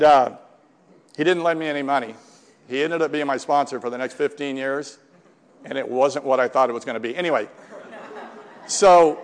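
This middle-aged man's voice is a little high, clear and resonant. Before a live group he rambles through a self-deprecating recovery story, restarting many times and quoting what people said, with long reverb from the hall.

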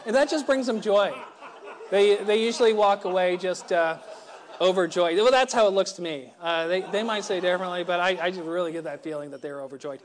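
A man's voice: sits high, a little fast. A middle-aged man giving a personal recovery talk, wry and self-deprecating, often stammering and restarting his sentences. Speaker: recovery meeting speaker.

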